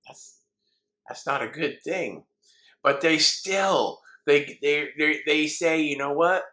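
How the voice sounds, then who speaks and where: Bright-voiced male pastor preaching. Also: fairly high pitch, expressive, takes it slowly. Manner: earnest storytelling, voicing the people in the story. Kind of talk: sermon.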